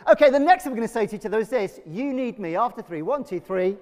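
A man preaching a sermon to his congregation, energetic and leading them in call-and-response. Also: sits high, quick pace, hardly any pauses, a faint crowd. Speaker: pastor. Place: church. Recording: long reverb of a church hall.

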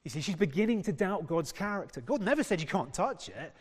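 Male preacher, slightly raised pitch, chatty sermon delivery that quizzes the room, long hall reverb. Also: big pitch swings, brisk, husky. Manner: conversational, quizzes the congregation. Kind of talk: sermon with scripture reading.

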